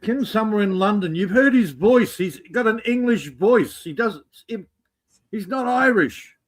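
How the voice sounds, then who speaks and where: A man with a notably high voice joins a casual live stream as co-host. He talks in a teasing, joking way, dropping wry asides as he goes. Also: lively intonation, normal speed.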